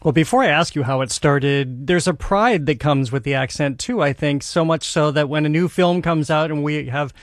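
A man with a Boston accent hosts the interview and asks long, thoughtful questions that wander before they land. His voice sits a little high for a man. It is recorded dry and close, with no room sound. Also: normal speed, hardly any pauses, no echo. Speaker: interview host.

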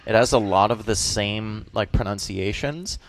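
Joking Boston comedian. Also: male voice, lowish voice, normal speed. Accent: Boston, faint. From Boston area, US. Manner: animated, jokey, slips into character voices. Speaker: comedian guest. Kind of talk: casual interview chat.

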